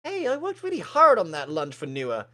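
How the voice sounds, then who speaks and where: A man voicing a sweet, cheerful non-human girl student in a bubbly falsetto. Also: huge pitch swings, normal speed, bright, forceful tone, heavily acted. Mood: earnest.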